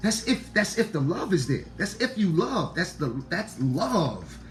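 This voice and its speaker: Deep-voiced man preaching to viewers. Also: very animated, measured pace, faint music behind. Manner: preachy, repeats lines for emphasis, swears; swings between loud outbursts and low murmurs. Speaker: online talk host. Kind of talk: casual monologue to viewers.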